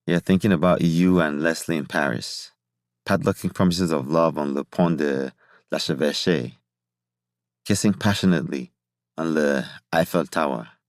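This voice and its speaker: A jovial, fatherly older scientist with a rich laugh behind his words, teasing a younger colleague in an audiobook scene, as a male narrator puts him on. The voice sits low and close, with a dry, dead studio sound. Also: lively intonation, measured pace, pauses often, a little mellow, no echo.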